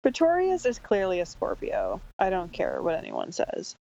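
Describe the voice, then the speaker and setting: A woman's voice: mid-range voice, wildly swooping pitch, moderate pace, creaky, dark tone, slight background noise. A woman co-hosting a podcast, joking sarcastically and swearing freely while discussing a film. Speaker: podcast co-host. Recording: dull, dry sound.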